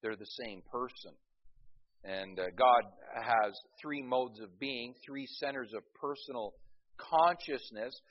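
A man's voice: medium pitch, a little slow, dull audio. A man preaching a sermon in a loose, conversational storytelling way, often stopping to restart his sentences.

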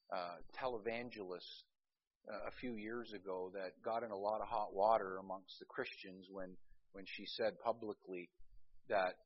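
Husky-voiced male pastor preaching. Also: lowish voice, lo-fi sound. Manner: preaching with humorous anecdotes, calling out to the congregation for amens. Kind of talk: sermon.

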